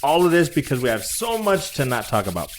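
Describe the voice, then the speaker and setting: A man's voice: mid-range voice, big pitch swings, brisk, a little hiss or hum. A man co-hosting a casual podcast, rambling and joking through the chat. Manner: rambling, joking, talks over co-host. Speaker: podcast co-host.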